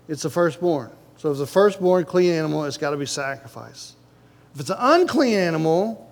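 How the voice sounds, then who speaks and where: A man with a high voice preaching a sermon. He talks straight to the congregation, asks them questions and leans hard on each point. He sounds like a pastor in front of his church.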